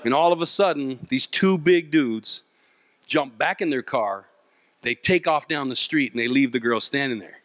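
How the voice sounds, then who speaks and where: A man giving a comic storytelling speech to a live audience as a youth mentor, animated and self-mocking, acting out the voices in his story. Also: mid-range voice, normal speed, no echo. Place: event stage before a live audience.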